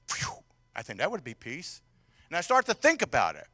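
A male pastor preaching with a high, bright, ringing voice. He talks to the congregation conversationally, throwing questions at them, and swings from loud outbursts to quiet, intimate stretches. The sound is close and dry. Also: big pitch swings, moderate pace, long pauses, no echo. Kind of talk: sermon.

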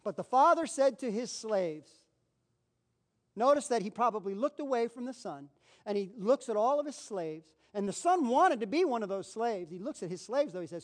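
A man preaching a sermon, animated, acting out the people in the Bible story and repeating phrases for emphasis. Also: high voice, moderate pace.

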